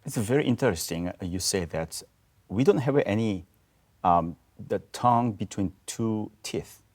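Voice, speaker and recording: A man speaking on a diction panel in a studio, halting and searching for words as he demonstrates syllables aloud. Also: fairly low pitch, animated, a little mellow. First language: Korean. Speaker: roundtable panelist, choir teacher. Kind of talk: explaining diction at a panel discussion. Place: video studio.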